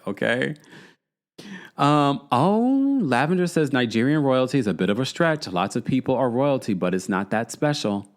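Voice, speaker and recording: A man in his forties hosting a casual podcast, recapping reality TV in a chatty way and reading out viewers' comments. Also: a little high. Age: 40s. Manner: animated and chatty, with frequent restarts and asides to viewers. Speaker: podcast host.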